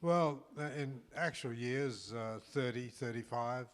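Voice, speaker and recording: An older man with an Australian accent talks casually as a co-host. His pitch sits in a middle range. He speaks haltingly, often repeating words before he finishes a thought. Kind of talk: casual chat.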